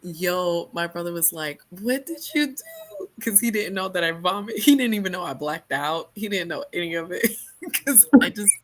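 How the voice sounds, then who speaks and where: A young woman from New York telling a story in casual chat, animated, often laughing and loudly acting out what people said. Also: on the low side, moderate pace. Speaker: book club host.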